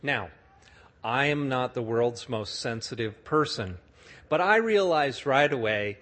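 A man's voice: mid-range voice, expressive, unhurried, fairly bright tone. A middle-aged man telling a story in a sermon, acting out the people he describes. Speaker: speaker telling a story to an audience.

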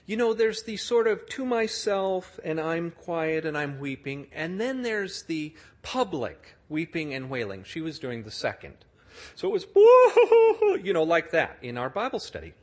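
A man's voice: a little high, lively intonation, normal speed. A middle-aged man telling a story in a sermon, acting out the people he describes. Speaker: speaker telling a story to an audience.

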